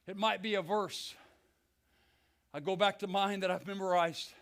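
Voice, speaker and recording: Fervent high-voiced male preacher. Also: steady tone, moderate pace. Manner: swings from hushed to shouted, fervent preaching. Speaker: pastor. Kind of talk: Pentecostal sermon. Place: church sanctuary.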